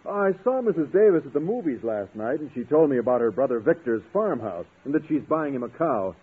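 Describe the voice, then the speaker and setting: Earnest, shy science teacher, husky voice; old radio sound. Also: male voice, mid-range voice, big pitch swings, fairly quick. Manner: bashful, earnest. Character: shy, gentle male biology teacher who loves animals. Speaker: schoolteacher. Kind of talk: 1950s radio sitcom acting. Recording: tinny old radio broadcast.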